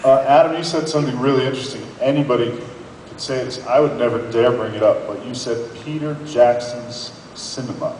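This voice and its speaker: Fast-talking male moderator in a big hall. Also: mid-range voice. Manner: brisk, addresses the audience. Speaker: panel moderator. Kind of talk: moderating a panel. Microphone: phone recording from the audience. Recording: echoey hall from far off, faint noise.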